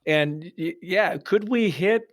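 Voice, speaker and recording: Man, podcast host, higher voice, eager, slight stammer. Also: measured pace. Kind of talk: casual interview talk.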